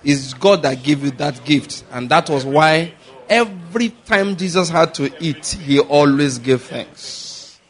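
A man preaching a sermon, animated, acting out little dialogues and slowing to a measured chant on scripture. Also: on the high side. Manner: animated, acts out little dialogues and laughs often. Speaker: pastor.

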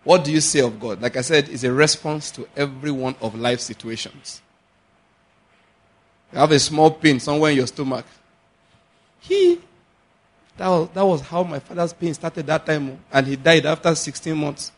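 Preacher guy, kinda husky, acts out little scenes, slows down on the scripture bits. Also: fairly high pitch. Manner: animated, acts out little dialogues and laughs often; slows to a measured chant on scripture. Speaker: pastor. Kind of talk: sermon.

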